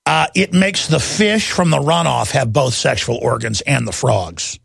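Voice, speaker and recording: A man's voice: medium pitch, a little slow, gravelly, a bit bright, husky, dry recording, studio quality. A man hosting a talk radio show, ranting heatedly from one news item to the next and mocking his critics. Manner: heated, ranting, jumps between news items; mocks opponents in put-on voices.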